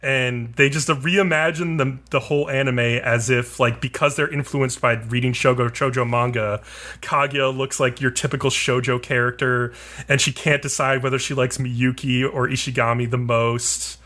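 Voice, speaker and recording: Bright-sounding guy cohosting a podcast, rambly casual recap, tons of likes and swearing. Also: mid-range voice, flat delivery, moderate pace. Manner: rambling, filler-heavy, profane, laughs often. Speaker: podcast co-host. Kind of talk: casual anime recap chat.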